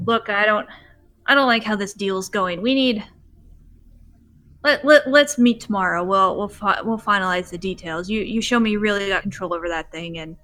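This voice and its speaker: Woman doing a jittery moonshiner guy, stammers, rushes his words. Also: medium pitch, sharp tone, lightly acted. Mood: uneasy. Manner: stammering, fast. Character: nervous male moonshiner backing out of a deal.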